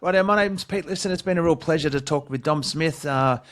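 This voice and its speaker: A man's voice: fairly high pitch, a little fast. Effusive Australian man hosting a podcast. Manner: warm, effusive, calls guest mate. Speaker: podcast host. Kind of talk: casual interview chat.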